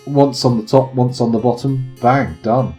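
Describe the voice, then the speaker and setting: A man's voice: medium pitch, fairly even intonation, moderate pace, a little mellow, faint music behind. A man giving casual live commentary on a strategy game, chatting to viewers and swearing freely. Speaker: streamer.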